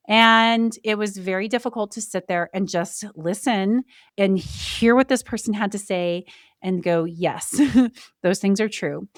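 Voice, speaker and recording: A woman hosting a solo podcast, speaking candidly and reflectively. She slows down and pauses deliberately to stress her points. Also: medium pitch, no room sound, studio quality. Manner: candid and emotional, with brief laughs. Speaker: podcast host.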